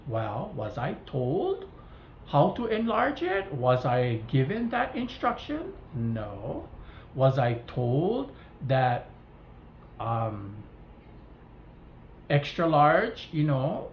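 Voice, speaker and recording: A woman's voice: low-pitched, very slow. A woman from Hawaii with a Hawaiian Pidgin-tinged accent, vlogging a casual rant to her viewers and acting out the dialogue as she tells the story. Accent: Hawaiian Pidgin-tinged English. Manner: animated storytelling, acts out dialogue. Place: home kitchen. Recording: roomy, slightly dull, faint hiss.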